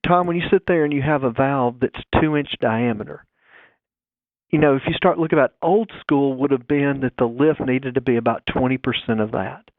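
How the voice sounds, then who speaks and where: Over a dry, tinny phone connection, a guest engineer explains technical points one step at a time, talking through the figures. He has a mid-range voice and a moderate pace, with no room sound.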